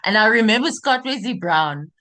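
A woman's voice: on the high side, lively intonation, normal speed, bright, forceful tone. A South African woman interviewing a guest, asking questions and giving brief attentive prompts. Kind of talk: radio interview.

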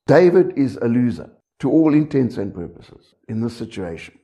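A man's voice: medium pitch, sing-song, normal speed, dark tone. A man preaching a sermon, talking conversationally and often checking in with the congregation.

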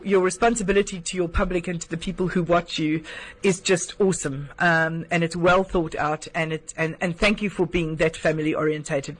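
A man with a notably high-pitched voice hosts a radio interview. He is effusive and generous with praise, keeping the talk warm and encouraging. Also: slightly rough, rough recording. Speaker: radio host.

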